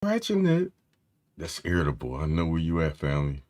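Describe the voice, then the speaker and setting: A man's voice: rumbling low, steady tone, quick pace, darkish tone. A man hosting a casual tech live stream, loose and slangy, greeting his chat by name. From Philadelphia area.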